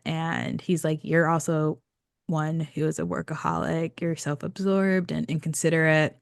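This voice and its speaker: A woman with a very low, gravelly voice recaps a novel in relaxed podcast chat. She sounds dry and close to the mic and drops wry asides. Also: unhurried, dry recording. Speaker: podcast co-host. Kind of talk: casual book recap chat.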